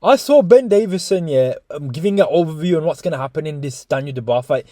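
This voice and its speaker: Animated swearing man, dark voice. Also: on the high side, quick pace, no echo, clean studio sound. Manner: swearing, animated, talks to viewers as guys. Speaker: boxing YouTuber. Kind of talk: casual reaction commentary.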